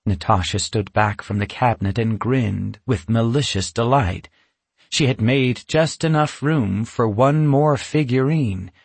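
A man narrating a children's storybook in a lively, expressive way. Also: medium pitch, unhurried, creaky, slightly rough, no room sound. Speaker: audiobook narrator.

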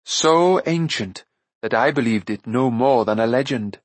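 A man voicing a calm, noble warrior prince who speaks in a measured, dignified way in an audiobook. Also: mid-range voice, dry recording. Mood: grave.

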